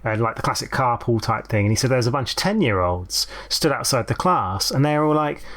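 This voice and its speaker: A man co-hosting a film podcast, telling relaxed anecdotes and trivia. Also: mid-range voice, a little fast. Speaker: podcast co-host. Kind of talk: casual film review chat.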